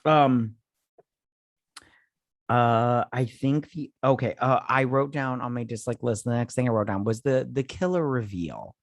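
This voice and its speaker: A man's voice: medium pitch, measured pace, no echo. Tipsy guy ranting on a movie podcast, swears a lot, dry close mic. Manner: rambling, swearing, trailing off. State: drunk. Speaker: podcast co-host. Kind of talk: casual movie-review chat.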